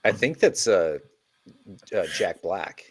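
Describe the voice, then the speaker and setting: A man with a low, husky voice that speaks slowly, co-hosting a casual podcast. He drops in dry, teasing remarks with big swings in pitch. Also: very animated. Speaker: podcast co-host. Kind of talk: casual chat.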